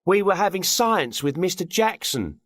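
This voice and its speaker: A man playing a lively schoolboy telling a story. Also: sits high, normal speed, no room sound, clean studio sound, heavily acted. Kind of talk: textbook audio dialogue.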